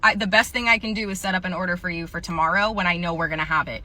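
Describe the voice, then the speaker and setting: A woman's voice: fairly low pitch, fairly even intonation, racing, bright, forceful tone. A woman telling a comedic retail story and acting out the clerk, sarcastic and casual. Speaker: storyteller, former retail worker.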